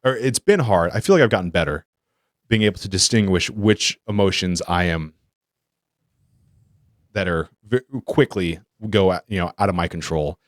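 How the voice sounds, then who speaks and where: Low-voiced man in rambling chat. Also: normal speed, dry recording, clean studio sound. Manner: rambling, self-correcting, animated storytelling. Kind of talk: casual podcast discussion.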